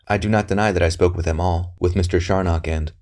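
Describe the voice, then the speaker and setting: A man's voice: sits low, fairly even intonation, fast talker, darkish tone, natural voice. A man reading aloud voices a young priest who speaks carefully and earnestly in a novel. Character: young earnest male priest, guarded courier. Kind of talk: audiobook character reading.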